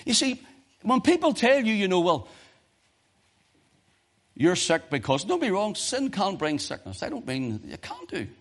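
A man preaching a sermon, swinging from quiet, urgent asides to impassioned cries, quoting scripture in old-fashioned wording. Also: sits high, huge pitch swings, unhurried, long pauses. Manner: archaic scripture quotations in King James wording.

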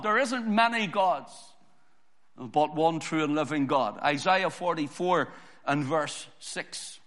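Preacher, male, fairly high voice, forceful repetitive sermon delivery, long reverb. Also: measured pace. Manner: emphatic, repetitive preaching cadence.

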